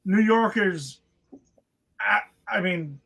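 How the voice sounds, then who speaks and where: A man's voice: sits high, slow pace, vocal fry, pushed and bright, rough recording. A man, co-hosting a casual movie podcast and talking bluntly with plenty of swearing. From New York. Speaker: podcast co-host.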